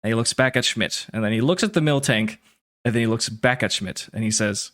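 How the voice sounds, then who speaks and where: A man's voice: lowish voice, a little fast. Man narrating as game master. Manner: relaxed, descriptive narration.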